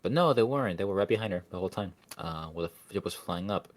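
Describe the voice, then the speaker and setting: A young man co-hosting a podcast, recapping a film plot in casual chat, halting with restarts and casual swearing. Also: low voice, lively intonation. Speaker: podcast co-host.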